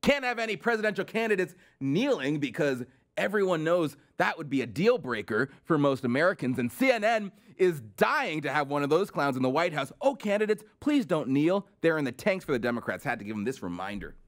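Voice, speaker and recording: A man's voice: a little high, very animated, a little fast. A man hosting political commentary, delivering a sarcastic, mocking comedic rant full of incredulous questions.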